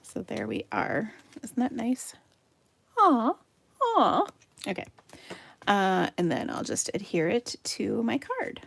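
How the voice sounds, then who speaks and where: American woman, craft-stream host; chatty and giggly, slips into murmurs while she works; slight fry. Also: a little high, wildly swooping pitch, slow, pauses often, fairly bright tone, no echo. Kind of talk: live card-making demo.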